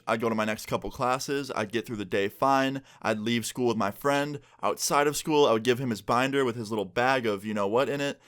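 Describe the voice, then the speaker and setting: A young man telling a story from his school days in a relaxed, slangy way, filler words throughout. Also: mid-range voice. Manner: laid-back, slangy, lots of "like" and "bro". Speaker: YouTuber. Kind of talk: casual storytime vlog.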